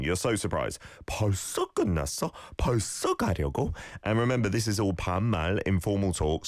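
A very deep-voiced male host leads a radio lesson from a studio. He talks in a lively, encouraging way and breaks down pronunciation syllable by syllable. The sound is dry and close. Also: no echo. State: slight cold, sneezing. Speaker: radio host and Korean language teacher. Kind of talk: radio lesson with listener clips.

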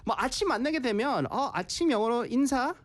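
A woman with a Korean accent co-hosting a bilingual podcast, speaking slow, careful English and switching into rapid Korean. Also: a little high, expressive. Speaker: podcast co-host teaching English. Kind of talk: bilingual casual podcast chat.

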